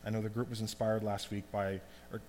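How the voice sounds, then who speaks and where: A man giving a conversational, animated sermon as pastor. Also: lowish voice, a little fast, soft background music. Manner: conversational, animated preaching with asides. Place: church hall. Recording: long hall reverb, faint hum.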